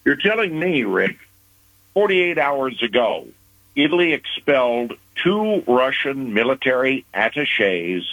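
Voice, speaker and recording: A man giving deliberate, measured foreign affairs commentary on a news program, pausing for emphasis. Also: mid-range voice, no echo. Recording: phone-line radio audio.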